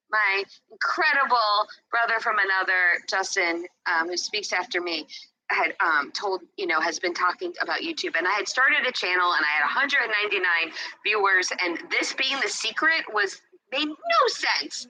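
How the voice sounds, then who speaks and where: A woman delivers a faith-based motivational talk with a strikingly bright, ringing voice. She is emphatic and repetitive, and she often speaks straight to her listeners. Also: mid-range voice, expressive, moderate pace, slight background noise, rough recording.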